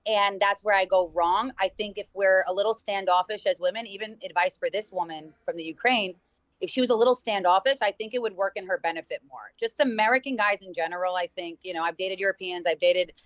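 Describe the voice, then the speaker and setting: A woman's voice: mid-range voice, fairly quick, no echo, poor audio. A woman guest on a podcast, talking earnestly and at length in casual conversation. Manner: earnest, eager, rambling. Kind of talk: casual chat over a call.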